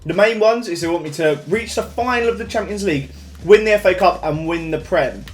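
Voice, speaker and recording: A young man chatting through a football game with upbeat energy, addressing his viewers directly. His voice sits a little high for a man, with faint music behind. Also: fairly quick. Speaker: gaming YouTuber. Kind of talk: casual game commentary.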